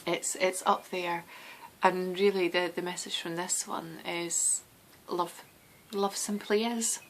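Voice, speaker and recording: A woman's voice: fairly low pitch, steady tone, takes it slowly, fairly bright tone, a little hiss or hum, poor audio. A Scottish woman hosting a knitting podcast, chatting casually and meandering with lots of restarts and ums. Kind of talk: casual chat.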